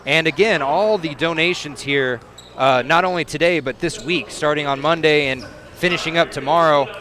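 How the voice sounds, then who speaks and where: A man doing casual halftime commentary at a high school basketball game, chatty and easygoing with frequent pauses. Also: sharp tone. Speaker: play-by-play announcer. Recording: noisy gym crowd behind. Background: crowd chatter.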